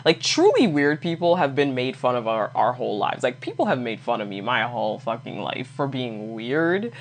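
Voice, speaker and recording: A woman's voice: very deep voice, normal speed. A woman hosting a casual solo podcast, talking bluntly with frequent swearing and laughter. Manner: blunt, profane, laughs often, animated asides. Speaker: podcast host.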